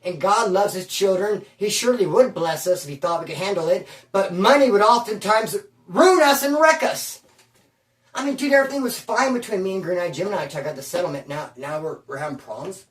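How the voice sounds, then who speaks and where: A man from Bakersfield telling prison stories at home, animated and slangy, calling the listener bro and dude. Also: high-pitched, brisk, recorded from a distance. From Bakersfield, California. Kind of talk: casual storytelling. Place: at home, indoors. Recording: roomy room, from off mic.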